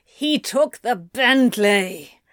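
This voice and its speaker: A woman's voice: medium pitch, a little slow, dry recording, clean studio sound, lightly acted. A woman voicing a grumpy, blunt male demon who drawls coolly and swears. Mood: dry.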